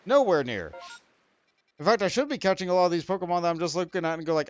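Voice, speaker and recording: A man's voice: high-pitched, animated, quick pace, lo-fi sound, slight background noise. A young man streaming a video game, rambling and poking fun at himself while he talks to the creatures on screen. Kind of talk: let's play commentary.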